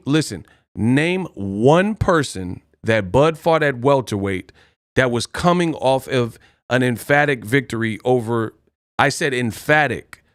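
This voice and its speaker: A man's voice: medium pitch, dry recording, studio quality. A man hosting a boxing live stream, ranting boastfully and taunting his chat with repeated challenges. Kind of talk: heated live stream rant.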